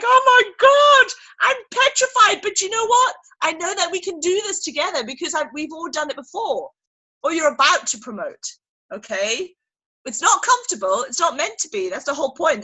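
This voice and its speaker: On a rough recording, a high-voiced woman gives her sales team a motivational training talk over a video call. She's animated and emphatic, acting out little scenes as she goes.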